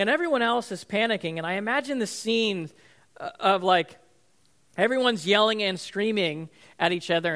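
A man's voice: high-pitched, fairly bright tone. A man, likely a pastor, giving a casual, conversational sermon with frequent ums and likes, now and then acting out the people in the story.

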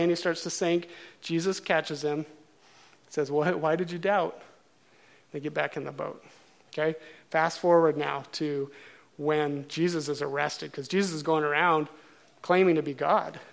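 Animated storytelling preacher, a man. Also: fairly high pitch, gravelly. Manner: animated storytelling, acting out quotes. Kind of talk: sermon.

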